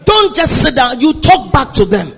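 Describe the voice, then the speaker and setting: A Nigerian woman preacher delivers her sermon with a very animated, wide-ranging voice. She sinks into quiet storytelling and then surges into shouted declarations. She urges the congregation to answer back. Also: high voice, moderate pace, creaky, poor audio. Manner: calls the congregation to respond. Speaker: preacher giving a testimony.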